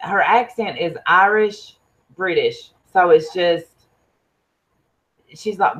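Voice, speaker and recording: A woman with a country Southern US accent, co-hosting a casual chat and telling stories in a lively way. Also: lowish voice, takes it slowly, long pauses. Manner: animated storytelling. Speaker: co-host. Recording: muffled lo-fi audio.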